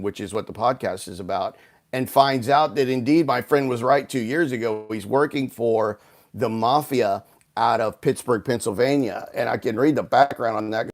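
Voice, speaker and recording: A man's voice: medium pitch, normal speed. A man from Houston, a guest author, telling a long story over a video call, rambling with frequent restarts and fillers. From Houston, United States. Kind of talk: casual storytelling interview.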